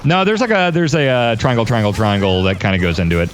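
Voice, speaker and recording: A man's voice: fairly low pitch, big pitch swings, fast talker. A man chatting casually about a fighting game, opinionated and enthusiastic, swearing now and then. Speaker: video game commentator. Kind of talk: casual gameplay chat. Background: game music.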